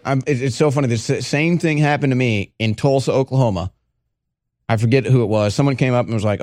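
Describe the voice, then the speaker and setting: A male talk show host in a studio, mocking and animated, acting out the people he quotes. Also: mid-range voice, fast, no echo. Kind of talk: heated political talk.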